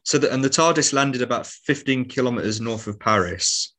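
A man's voice: mid-range voice, animated, brisk, bright, forceful tone. A man, chatting hesitantly as a podcast co-host. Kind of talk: casual chat.

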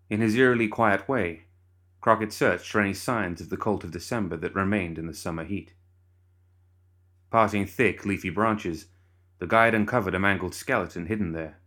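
A man narrating a story in a measured, even way. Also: deep voice. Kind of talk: scripted narration.

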